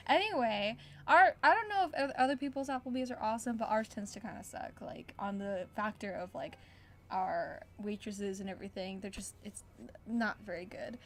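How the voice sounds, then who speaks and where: A young woman who works in retail, telling an animated, ranting story in casual chat. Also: mid-range voice, moderate pace. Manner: animated ranting storyteller, quotes people in character. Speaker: retail worker.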